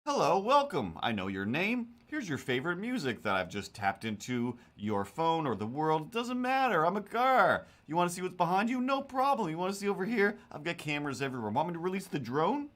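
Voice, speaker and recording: Man voicing a high-pitched, bragging gadget car, loud and showy like a cartoon salesman. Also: big pitch swings, fairly quick, few pauses. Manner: showy, eager salesman patter. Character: boastful high-tech talking car.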